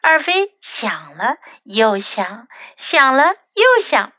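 A woman teacher reads a bilingual children's story in a slow, careful storybook style. Her voice sits a little high and bright, and the close, dry recording puts her right at the mic. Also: sing-song, no room sound. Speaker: English teacher.

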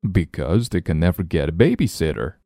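A man voicing a calm, joking father in a storybook, with a plain, matter-of-fact delivery. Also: low voice, fairly quick, dry recording, studio quality.

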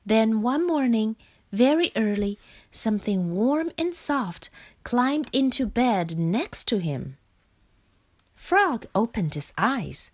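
A woman reading a children's picture book aloud, slow and expressive. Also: on the high side. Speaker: storyteller.

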